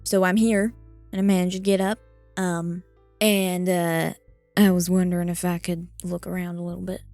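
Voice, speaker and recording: A woman's voice: on the low side, little pitch movement, normal speed, a little mellow, no room sound, soft background music. A woman playing a tabletop game, speaking her character hesitantly in a put-on southern accent with many fillers. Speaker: player.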